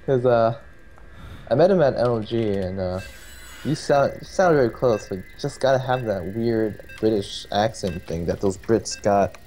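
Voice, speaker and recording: A man co-casting a live game match, talking through plays in a relaxed, rambling way with many restarts. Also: fairly low pitch, normal speed. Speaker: co-caster. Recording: faint music underneath.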